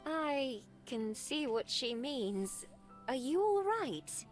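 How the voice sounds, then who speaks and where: A caring young cafe worker with a high, soft voice and a slow, gentle way of talking, voiced by a woman reading a visual novel aloud. She sounds warm-hearted and cheerful, and every line is kept hushed and tender. Her pitch sits well above the reader's own voice. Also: very animated, faint music behind, exaggerated voice. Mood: gentle concern.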